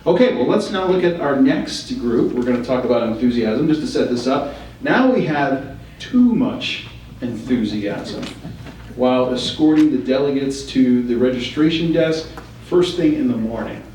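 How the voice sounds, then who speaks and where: A man's voice: mid-range voice, animated, normal speed, darkish tone, slight background noise. A man leading a training session, asking the group questions and giving feedback. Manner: coaching, asks the group questions. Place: training room. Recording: echoey room from far off.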